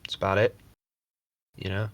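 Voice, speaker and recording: A man co-hosts a casual podcast in a somewhat low voice. He rambles, swears freely and slips into mocking impressions. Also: level tone, normal speed, a bit bright, no room sound. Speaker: podcast co-host. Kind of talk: casual chat.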